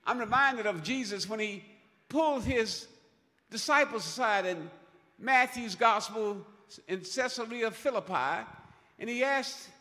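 A man preaching a sermon in a church, emphatic, repeating phrases and building to loud peaks. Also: sits high, animated, unhurried. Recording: long hall reverb.

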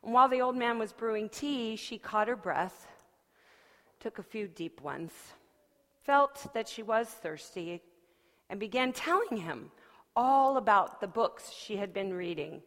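A woman's voice: on the high side, measured pace. Woman preacher telling a story in a hall. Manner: expressive storyteller, shifting from soft to lively. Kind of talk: sermon, storytelling. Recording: long hall reverb.

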